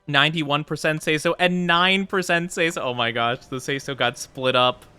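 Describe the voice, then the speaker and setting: A slightly high, smooth voice that sounds pushed and bright, at normal speed with no room sound and soft background music. He's a VTuber streaming a game live, reading chat and commentating, and he playfully, flusteredly denies his viewers' teasing.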